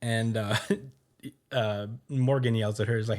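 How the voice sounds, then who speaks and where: This man's lowish voice is a little slow and a little mellow, with fairly even intonation. Hosting a podcast, he recaps a comic chapter casually, rambling with heavy fillers and frequent laughter.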